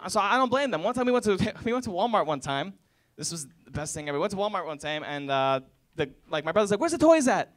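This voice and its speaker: A man's voice: fairly high pitch, expressive, fast, fairly bright tone. A man in his twenties performing a college stand-up set, telling stories and acting out family members and strangers. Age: 20s. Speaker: stand-up comedian. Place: college stage before a laughing audience.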